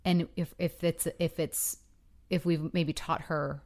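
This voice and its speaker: Female podcast co-host, lowish voice, quick and chatty. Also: level tone, a little mellow. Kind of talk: casual podcast chat.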